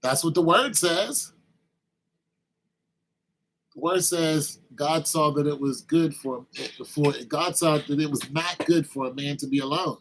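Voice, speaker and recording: A man's voice: on the high side, a little slow, pauses often, fairly bright tone, poor audio. A man vlogging a rambling, teasing comic monologue that turns to preachy advice.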